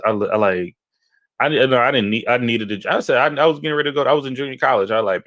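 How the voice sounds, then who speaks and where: A man from Houston, Texas, co-hosting a casual chat and telling animated, rambling anecdotes, often checking in with "okay?". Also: medium pitch, quick pace, no room sound. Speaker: podcast co-host.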